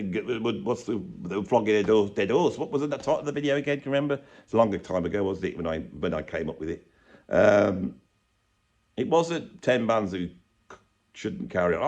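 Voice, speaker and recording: A man's voice: on the low side, animated, moderate pace, darkish tone. A man giving a rambling, sarcastic, comedic rant as a YouTube commentator. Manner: rambling, sarcastic, self-mocking.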